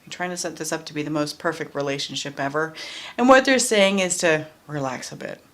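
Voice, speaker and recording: A woman's voice: sits low, brisk, fairly bright tone. A woman doing a casual tarot card reading, chatty and blunt, who often repeats her phrases and swears freely. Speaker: tarot reader.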